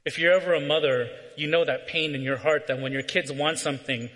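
Speaking fairly quickly, a man with a fairly high, fairly bright voice and fairly even intonation preaches a sermon. He shares a personal story peppered with "right?" check-ins, and his accent is Southern Californian. The recording has long reverb from a hall.

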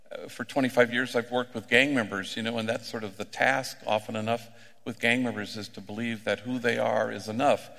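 A middle-aged man, a priest, preaching a sermon through unhurried, conversational stories, slipping in Spanish slang. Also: medium pitch, gravelly, fairly bright tone. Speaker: priest working with gang members. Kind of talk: sermon with storytelling. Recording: echoey hall with long reverb.

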